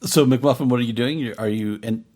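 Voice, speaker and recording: A man's voice: mid-range voice, brisk, darkish tone, soft background music. A man running a tabletop game as game master, describing the scene in a loose, rambling way full of fillers. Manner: rambling, many fillers and restarts.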